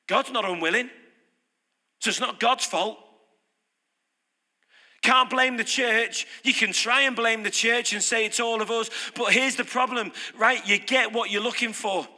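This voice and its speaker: A British man preaching a sermon, lively and conversational, putting questions to his congregation. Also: high-pitched. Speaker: pastor. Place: church hall. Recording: reverberant hall.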